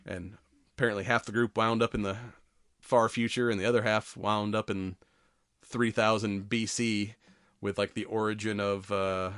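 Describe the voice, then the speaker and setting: Male podcast host, low voice, excited swearing storyteller, dry sound. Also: moderate pace, clear, resonant tone, no room sound. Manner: animated retelling, swears a lot. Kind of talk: casual chat.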